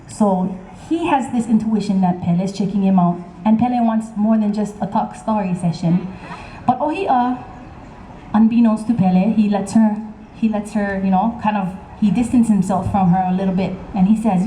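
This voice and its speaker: A woman tells a legend to a live crowd, chatty and teasing. Her voice is mellow and warm. It echoes across an open-air stage with faint ambience behind. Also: medium pitch, normal speed, a little hiss or hum. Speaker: storyteller. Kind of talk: live oral storytelling to an audience. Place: outdoor concert stage. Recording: echoey outdoor stage sound.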